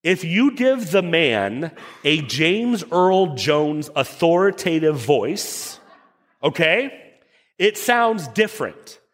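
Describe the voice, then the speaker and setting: A male pastor with a fairly high voice that rises and falls a great deal as he preaches. He talks to the congregation casually, with asides. Long reverb from the church sanctuary trails his words. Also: takes it slowly. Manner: conversational, animated preaching with asides. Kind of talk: sermon.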